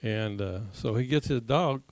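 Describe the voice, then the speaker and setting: A man teaching a congregation class, telling a folksy joke with laughs and loud acted-out gunshots, then leading a prayer. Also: mid-range voice, a little slow, no echo. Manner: jokey storyteller who laughs at his own tale, acts out shots loudly.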